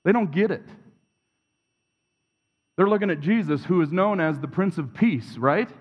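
A man's voice: high voice, animated, a little slow, pauses often, husky, lo-fi sound. A man preaching a sermon in a church, reflective and confessional, building his points through repeated phrases. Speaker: pastor. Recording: long reverb of a large hall.

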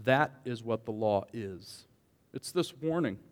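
Guy preaching in church, jokey and animated, gets loud then quiet, big hall echo. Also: mid-range voice, a little slow. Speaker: pastor. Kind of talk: sermon.

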